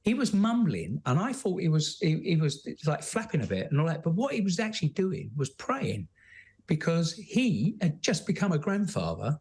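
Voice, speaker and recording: A London man, a former soldier and author appearing as a guest, tells his story bluntly, full of fillers and restarts, in candid conversational storytelling. His voice sits on the high side with huge pitch swings, a darkish tone and normal speed.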